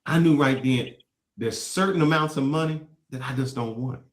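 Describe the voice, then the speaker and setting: A man hosting a talk show, giving animated, preachy commentary on clips and acting out quotes. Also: mid-range voice, moderate pace, roomy sound. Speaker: podcast host. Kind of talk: casual commentary reacting to clips.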